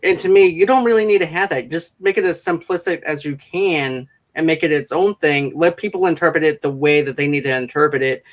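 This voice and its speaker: A man hosting a casual interview, his voice sitting a little high for a man. He talks in eager, rambling runs and sometimes speeds up as ideas pile up. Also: a bit bright. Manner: eager, rambling, quick bursts. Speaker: show host.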